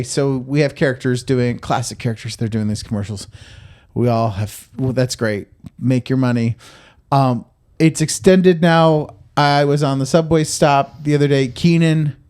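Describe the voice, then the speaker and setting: A man's voice: mid-range voice, a little mellow. A man hosting a comedy podcast, chatting casually with restarts and tangents. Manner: rambling, trailing off into restarts. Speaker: podcast host.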